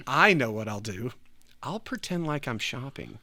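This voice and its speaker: A man telling a story in a casual chat, animated, laughing often and acting out what people said. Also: mid-range voice, moderate pace. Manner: animated, acts out quoted voices, laughs often. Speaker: church podcast host.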